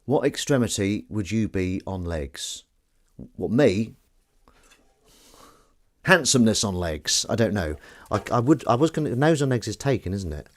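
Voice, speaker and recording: Low-voiced chatty man. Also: big pitch swings, unhurried. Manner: rambling, chatty, jokey asides to viewers. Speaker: live streamer. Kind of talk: casual live-stream chat while washing up. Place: home kitchen at the sink.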